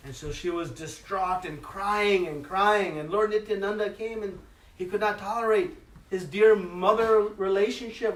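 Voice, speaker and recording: A man's voice: high voice, normal speed. A man giving a devotional class, telling a sacred story expressively, with frequent fillers. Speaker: speaker giving a religious class. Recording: echoey hall, mic at a distance.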